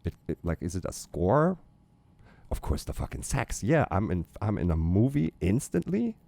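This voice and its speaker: A middle-aged German man, a native German speaker with a German accent, chatting casually and excitably in a rambling, profane way as a guest on a reaction video. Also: on the low side, normal speed, creaky.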